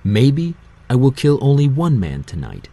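A man's voice: mid-range voice, huge pitch swings, vocal fry, mellow, slightly rough, pitched above the performer's own voice, exaggerated voice. Hades, a man doing a cold death god. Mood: menacing. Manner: hissing, slow and threatening. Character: menacing ancient male god of death, cold. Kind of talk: audiobook character voice.

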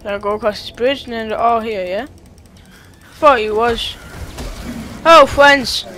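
A gamer giving let's-play commentary, excitable and quickly exasperated, talking back to the game as they play. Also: medium pitch, faint music behind. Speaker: gamer playing through a game.

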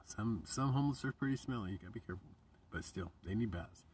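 A man's voice: lowish voice, animated, quick pace, a little mellow, husky, no room sound, recorded from a distance. A man giving an emotional, rambling spiritual monologue to camera, choked up and sighing, sometimes dropping to a whisper. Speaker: vlogger.

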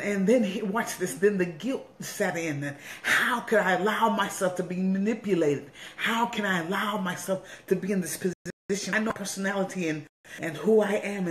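Earnest woman bishop in a roomy echo. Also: on the low side. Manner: earnest, repeats phrases for emphasis. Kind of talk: personal testimony in a weekly online message.

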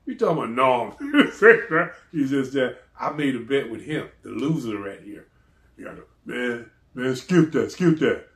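A man telling a story in a casual, animated way, laughing often and acting out the people he quotes. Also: medium pitch, a little slow, roomy sound.

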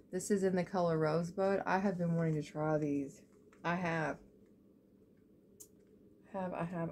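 A young woman, chatting excitedly as she unboxes beauty products, full of "like" and "y'all". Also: fairly low pitch, noisy background. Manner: gushing and excitable, lots of "like" and "y'all". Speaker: beauty vlogger. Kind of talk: casual unboxing chat.

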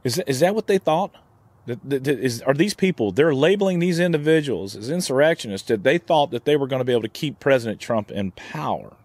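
A man's voice: medium pitch, very animated, brisk, a little mellow, dry recording. A man hosting his own channel, speaking in a heated, indignant vlog rant with frequent restarts. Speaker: gun channel host. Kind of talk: opinion vlog commentary.

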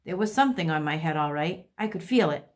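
A woman's voice: low-pitched, quick pace. A woman teacher reading a children's chapter book aloud to a second grade class, expressively. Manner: expressive storytelling.

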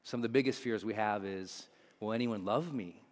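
A man's voice: on the low side, normal speed. A motivational speaker, a man, telling a personal story to a live audience in an earnest, confessional way. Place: large seminar hall. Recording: long hall reverb.

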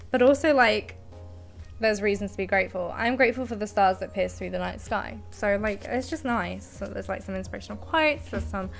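A woman's voice: medium pitch, gravelly. A young woman chatting casually on her live stream, giggly and affectionate toward her cat, speaking into a desk mic at home. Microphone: desk microphone.

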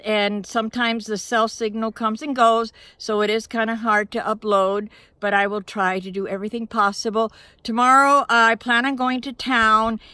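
Bright chatty woman talking to her phone cam outside her van, kinda high voice, grateful and earnest. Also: no echo. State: out of breath. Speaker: van-life vlogger. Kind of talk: casual vlog talk to camera. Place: outdoors at a van campsite in the woods.

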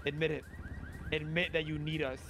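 A man's voice: fairly high pitch, little pitch movement, moderate pace, over a noisy crowd. A man role-playing a domineering gang boss in a game, taunting another player with mock British slang. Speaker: roleplay gang leader. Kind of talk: in-character roleplay banter. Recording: game voice chat with background noise.

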